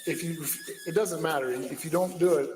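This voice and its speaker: Man, police officer, stern, commanding, high voice, echoey room, long reverb. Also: normal speed, background noise. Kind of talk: commands to a detainee.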